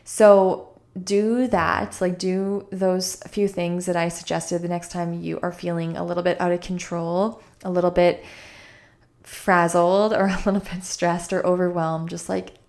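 Chatty, slightly croaky woman podcaster. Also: lowish voice, flat delivery, unhurried, darkish tone. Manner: chatty, lots of "like" and "right?". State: slightly croaky after a run. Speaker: podcast host. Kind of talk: casual wellness podcast talk.

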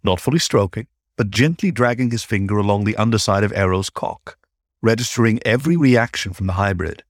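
A man narrating a story in a measured, unhurried way. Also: lowish voice, dry recording, clean studio sound. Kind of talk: audiobook-style story narration.

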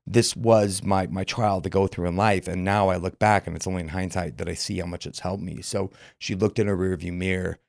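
A man's voice: low-pitched, steady tone, fairly quick, creaky, hardly any pauses, dry recording, studio quality. A man from Utah, a podcast guest, telling his story frankly with lots of filler words. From Utah, USA. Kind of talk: candid personal storytelling.

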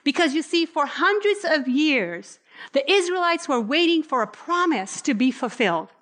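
A woman preaching a sermon, expressive, slowing down for scripture readings. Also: high voice. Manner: expressive, varies pace, slows for scripture readings.

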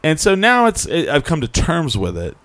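A man's voice: fairly high pitch, wildly swooping pitch, normal speed, fairly bright tone. Rambling casual man telling stories. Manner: rambling storyteller, frequent restarts. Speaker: podcast host. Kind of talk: casual chat.

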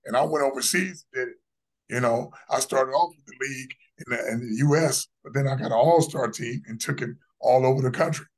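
A man in his fifties talks in a brash, boastful way as a podcast guest, hammering his points home. His voice sits at an ordinary middle pitch for a man. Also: brisk. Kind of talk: casual interview talk.

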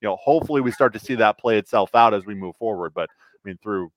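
A man co-hosting a podcast, talking soccer in a hesitant, halting way. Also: fairly low pitch, dry recording. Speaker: podcast co-host. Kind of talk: casual soccer chat.

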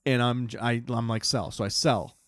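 A man's voice: mid-range voice, flat delivery, normal speed, no room sound. A young man, a podcast host, tells a story in casual chat, swearing often and acting out his own reactions.

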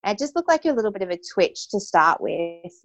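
A woman's voice: mid-range voice, big pitch swings, a little fast, no room sound. Chatty young woman, dry sound. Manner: casual, heavy use of "like" and "you know" fillers. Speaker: interview guest. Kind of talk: personal storytelling.

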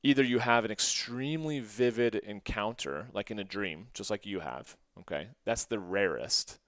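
A man's voice: on the low side, normal speed, fairly bright tone, no room sound, studio quality. A man hosting a podcast, telling a personal story in an earnest, rambling way full of "like" and restarts. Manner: rambling, many "like" fillers and restarts; earnest and emotional. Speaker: podcast host.

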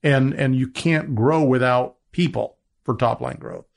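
A man talking as a guest in a business interview, rambling with many restarts as he makes his pitch. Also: unhurried, vocal fry. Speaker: media entrepreneur guest.

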